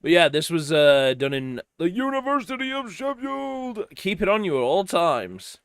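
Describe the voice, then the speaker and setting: A man's voice: high voice, sing-song, normal speed, fairly bright tone, smooth, no echo. A man streaming a video game, chatting casually and rambling with trailing sentences and swearing. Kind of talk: casual let's-play chat. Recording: game music behind.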